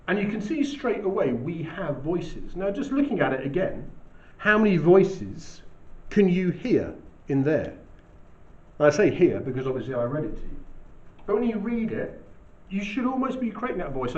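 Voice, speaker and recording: Man teaching from a distant mic. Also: a little high. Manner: measured, explanatory. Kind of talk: recorded English lesson. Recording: roomy, distant, dull recording.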